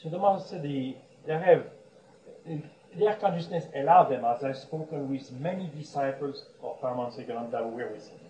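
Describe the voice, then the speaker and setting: A man's voice: medium pitch, a little fast, dark tone. Distant, echoey male spiritual teacher. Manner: storytelling with frequent chuckles and restarts. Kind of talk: sermon. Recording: roomy echo, distant mic, faint background hum.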